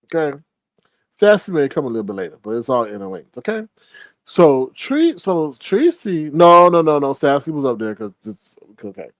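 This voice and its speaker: A man hosting a casual gossip commentary, retelling a story with animated exclamations. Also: on the high side, normal speed, no room sound. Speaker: commentary show host.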